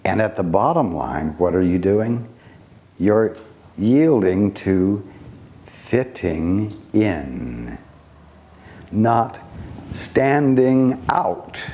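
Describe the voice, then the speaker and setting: Male spiritual teacher, deep and unhurried, measured delivery with long pauses. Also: animated, mellow. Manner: slow, deliberate, with long pauses and rhetorical questions.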